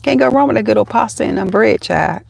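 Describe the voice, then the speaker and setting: A woman's voice: medium pitch, expressive, fast, creaky, no echo. A middle-aged woman with a Southern accent, hosting a casual live chat from her parked car, folksy and chatty, calling viewers honey and child. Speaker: livestream host.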